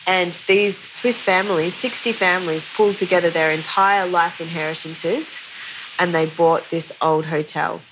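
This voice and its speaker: A woman's voice: lowish voice, steady tone, moderate pace, noisy background. A woman guest on a podcast, telling a long story in a conversational way, often saying "you know".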